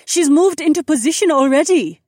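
A man voicing a steady, firm birth nurse who reassures a queen and calls out orders in an audiobook. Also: very high-pitched, moderate pace, no room sound, studio quality, pitched above the performer's own voice. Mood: reassuring. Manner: firm, encouraging.

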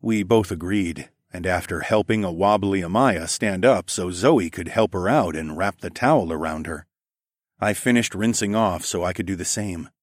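Reading an erotic audiobook in the first person, a man with a very deep voice keeps his delivery low, unhurried and intimate. The audio is dry, captured close to the microphone.

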